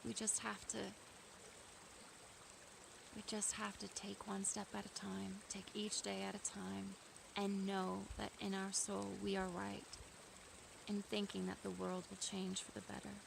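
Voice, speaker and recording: A woman's voice: medium pitch, completely flat delivery, unhurried, creaky, background noise. A woman talking freely and earnestly to a camera outdoors in nature, building at times to emphatic bursts. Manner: earnest, free-flowing, rising to emphatic bursts. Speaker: vlogger. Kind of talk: casual spoken reflection to camera.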